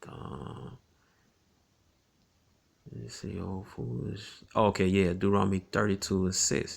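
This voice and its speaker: Low gravelly man teaching scripture. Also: fairly even intonation. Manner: conversational, tags lines with "man" and "all right"; reads scripture slowly and deliberately. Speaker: Bible teacher.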